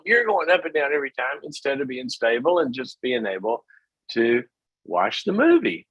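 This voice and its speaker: A man's voice: fairly high pitch, a bit bright, breathy edge, no room sound, low-quality recording. A middle-aged man hosting a call-in advice show, talking in a casual, folksy way and acting out little scenes.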